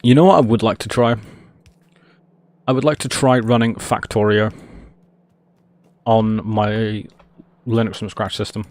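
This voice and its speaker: A man's voice: fairly low pitch, steady tone, a little slow, pauses often, a little mellow, dry recording. A man streaming a game, rambling and self-mocking as he talks to himself while he plays. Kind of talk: casual gameplay commentary.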